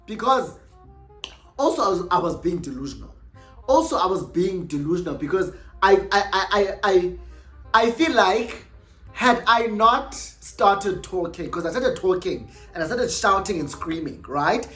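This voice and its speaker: A young South African woman telling a storytime vlog, animated and exclamatory, switching freely between languages. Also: fairly low pitch, measured pace, faint music behind. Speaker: YouTuber.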